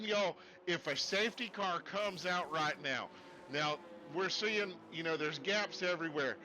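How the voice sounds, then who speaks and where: Sitting at a desk with screens for streaming, a man with a high, bright, forceful voice does live sim racing commentary in a put-on Southern accent. He rambles in a homespun way with jokey digressions, and the low-quality recording carries a little hiss or hum.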